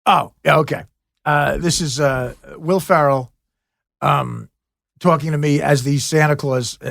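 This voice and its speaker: A man's voice: on the high side, fairly even intonation, a little slow, creaky, fairly bright tone, no echo, clean studio sound. A man, a comedian guest, telling rambling anecdotes on a podcast and laughing at his own jokes. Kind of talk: casual podcast storytelling.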